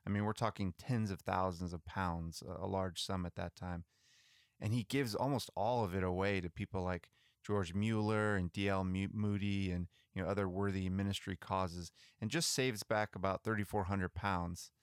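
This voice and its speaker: A man co-hosting a podcast, chatting and retelling missionary history in a relaxed, conversational way with some restarts. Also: deep voice, moderate pace, smooth, dry recording, clean studio sound. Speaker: podcast co-host. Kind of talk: casual storytelling about missionary history.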